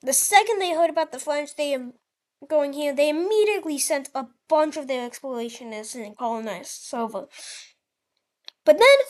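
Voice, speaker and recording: A woman hosting her channel, narrating an alternate history over a map in a casual, rambling way with frequent restarts. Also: sits high. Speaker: channel host.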